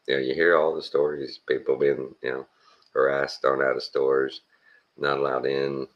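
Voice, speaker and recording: A man's voice: very deep voice, flat delivery, normal speed, muffled recording. A man from Texas with a Texan accent, talking in a blunt, plainspoken, rambling monologue full of folksy slang. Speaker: vlogger.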